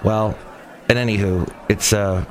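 A man's voice: lowish voice, fairly even intonation, measured pace, a little mellow. Brief: chatty Californian man, wry solo podcast host, traffic noise in the background. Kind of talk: casual rambling monologue.

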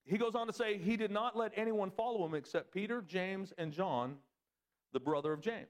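A man preaching to his congregation, his voice set a touch high for a man. He climbs sharply in pitch to stress his points, then drops low and quiet as he reads scripture and makes his case. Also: moderate pace. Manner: animated preaching, swings pitch up for emphasis. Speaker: pastor. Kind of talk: sermon.

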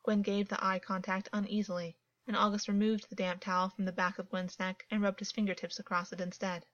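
A woman reading fiction aloud as a narrator, calm and even in her storytelling. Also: medium pitch, fairly quick, no echo. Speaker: audiobook narrator. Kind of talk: scripted narration. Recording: dull, dry, lo-fi.

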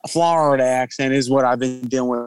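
A man's voice: mid-range voice, steady tone, quick pace, smooth, no room sound. A man hosting a casual podcast chat, telling stories loosely with lots of swearing and laughter. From Philadelphia area. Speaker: podcast host.

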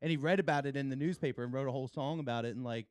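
A man's voice: medium pitch, very fast, no echo. A man co-hosting a podcast in casual banter, swearing and laughing often. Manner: laughs a lot, swears, animated storyteller. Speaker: podcast co-host.

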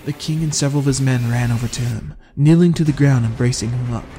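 A man narrating an audiobook in a measured first-person storytelling manner. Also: mid-range voice, warm tone, soft background music.

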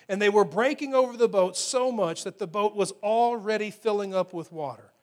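Male pastor, higher pitch, storytelling sermon delivery with dynamic emphasis. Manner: storytelling preacher, rises and falls for emphasis.

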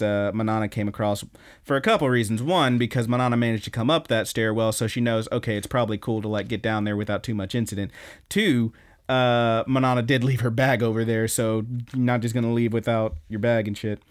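A man's voice: medium pitch, a little fast, clean tone. A young man hosting a podcast, casually rambling through an anime episode recap and acting out the lines. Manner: rambling, animated retelling, acts out quotes. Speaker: podcast host.

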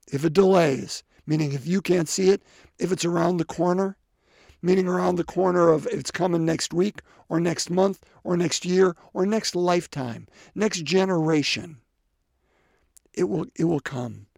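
A man preaching a sermon in an animated way, with many restarts and asides, swinging from loud pleading to quiet, hushed passages. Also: a little high, normal speed, creaky, dry recording, clean studio sound.

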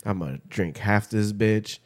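A man's voice: on the low side, a little slow. Profane, rambling young man telling stories. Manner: rambling, profane storytelling with acted quotes. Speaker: podcast co-host. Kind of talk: casual profane chat.

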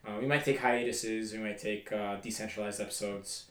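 A man's voice: fairly low pitch, fairly even intonation, normal speed, roomy sound, crowd noise. A man hosting a podcast, chatting casually and rambling at length with many fillers. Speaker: podcast host. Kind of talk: casual chat.

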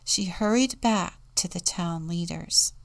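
A woman deacon reading a children's storybook aloud in a slow, soft, often hushed manner. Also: fairly low pitch, creaky.

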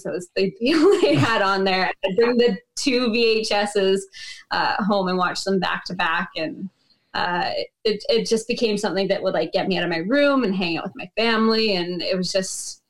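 A woman from Canada guesting on a podcast, chatty and quick to giggle. Her voice sits at a middle pitch for a woman, and she talks in a loose, casual way.

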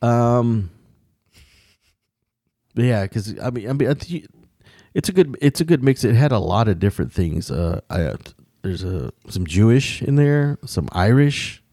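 A man's voice: mid-range voice, big pitch swings, unhurried, warm tone, no room sound, clean studio sound. A man in casual conversation, rambling with frequent restarts and casual swearing. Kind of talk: casual chat.

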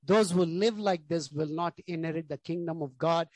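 A man's voice: fairly high pitch, moderate pace, a little mellow, no echo. A male pastor preaching a sermon, stressing key words, repeating lists and leaning on "you know".

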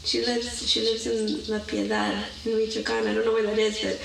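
A woman's voice: fairly high pitch, level tone, a little fast, gravelly, far from the mic, noisy background. A young woman in casual podcast chat, teasing playfully. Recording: echoey, away from the mic, crowd behind.

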